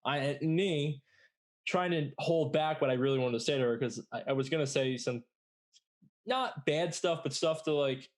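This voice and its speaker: A man's voice: fairly high pitch, moderate pace. A young adult man hosting a podcast, telling a long story in a rambling, casual way with lots of filler words and blunt swearing. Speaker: podcast host.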